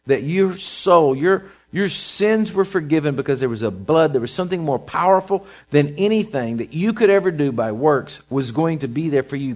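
A man preaching a sermon as pastor, building intensity with repeated phrases and dropping low for emphasis. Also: lo-fi sound.

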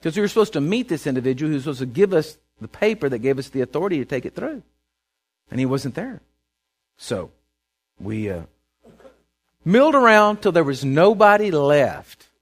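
Texan male preacher, slightly high voice, very animated delivery, folksy sermon storytelling with repeated words. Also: moderate pace. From Texas.

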